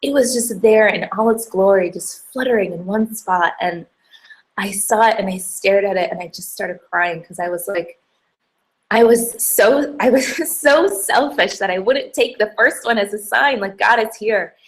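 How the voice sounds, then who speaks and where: A woman's voice: mid-range voice, normal speed. A young woman telling a personal faith story to camera, chatty and emotional, with many fillers. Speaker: hijab brand founder giving a faith talk.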